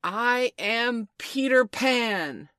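A cocky, playful boy hero tosses out his answers with blithe, teasing pride, as a woman reading the story puts him on. The storybook voice sits a touch lower than a child's, recorded close and dry. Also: lively intonation, drawn-out words, bright, forceful tone, no echo, heavily acted. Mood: proud.

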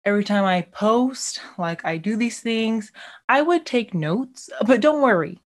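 A bubbly woman hosts her own solo podcast in an easygoing, chatty way, sprinkling in "like" and "y'all." Her voice sits at a middle pitch. She records from a laundry room at home. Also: animated, a little slow. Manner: bubbly, chatty, often says "like" and "y'all", laughs easily. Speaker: podcast host. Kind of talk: casual solo podcast chat.

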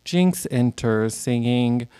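A man's voice: medium pitch, lively intonation, takes it slowly, dark tone, clear, resonant tone, no echo. A man co-hosting a podcast, chatting casually as he recaps a TV episode. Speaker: podcast co-host. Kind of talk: casual chat.

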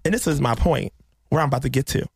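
A man hosting a casual faith podcast, telling an emotional story and acting out the dialogue with lively energy. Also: medium pitch, fast talker, creaky, slight background noise. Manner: emotional, animated storyteller who acts out dialogue. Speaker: podcast host.

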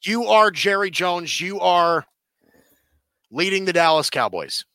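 A man's voice: sits high, lively intonation, measured pace, pushed and bright, dry recording. A man co-hosting a sports podcast, talking casually and rambling with lots of fillers and restarts.

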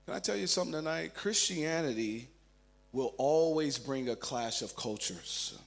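Brief: male pastor, sermon, high voice, storytelling delivery. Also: lively intonation, moderate pace, gravelly. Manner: storytelling, shifting between loud and hushed.

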